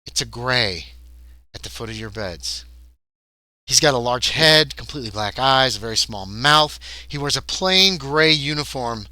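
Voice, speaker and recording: A man running a tabletop horror game as game master, narrating in an animated way with some filler restarts. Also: medium pitch, a little slow, no room sound.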